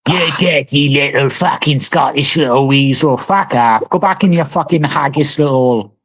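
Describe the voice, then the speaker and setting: A man's voice: medium pitch, normal speed. A man from Wales in a heated live-stream argument, hurling insults. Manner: abusive, insulting, shouting.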